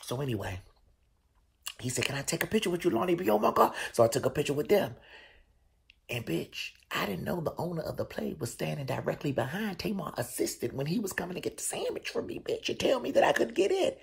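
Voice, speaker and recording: A man hosting a show, telling a story casually in a profane, animated way. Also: quick pace, creaky, breathy edge. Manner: animated, profane storytelling with loud, high bursts. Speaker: show host.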